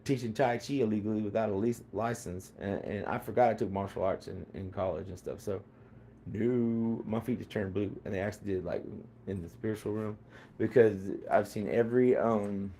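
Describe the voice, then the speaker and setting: A man's voice: fairly low pitch, fairly even intonation, moderate pace, warm tone, a little hiss or hum. A man talking in a rambling casual monologue, full of fillers, restarts and repeated phrases.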